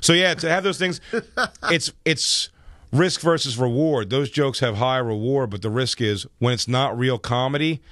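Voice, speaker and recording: A man who is a comedian, telling profane, animated stories as a radio studio guest. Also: mid-range voice, normal speed, no echo. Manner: profane, animated anecdotes with laughs. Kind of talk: radio interview storytelling. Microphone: studio microphone.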